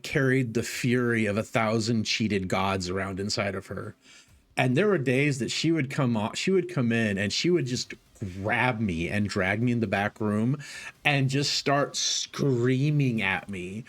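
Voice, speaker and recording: A man streaming, telling a rambling story in casual talk, swearing freely and acting out the voices of people he quotes. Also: fairly low pitch. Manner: animated, profane, acts out quoted voices.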